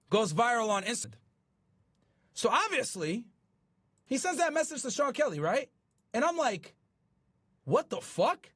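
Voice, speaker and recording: A man hosting a streaming show, talking casually to his live chat and retelling a story in an animated, profane, incredulous way. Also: extremely high pitch, dry recording, clean studio sound.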